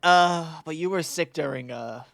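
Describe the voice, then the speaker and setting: A man's voice: fairly high pitch, unhurried, vocal fry, fairly bright tone, no room sound, studio quality. A young man co-hosting a podcast, chatting casually, laughing and swearing freely. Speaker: podcast co-host. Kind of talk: casual chat.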